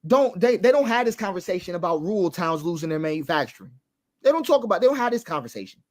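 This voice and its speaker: A man's voice: high voice, big pitch swings, quick pace, darkish tone. A man hosting an online show, delivering impassioned political commentary with emphatic repetition and long lists. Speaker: commentary host.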